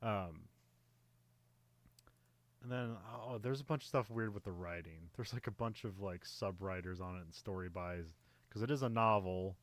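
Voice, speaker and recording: A man's voice: low voice, normal speed, no room sound. A man co-hosting a casual movie podcast, talking in a loose, rambling way. He laughs often and fills his speech with "like" and "you know." His voice is recorded dry and close. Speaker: podcast co-host.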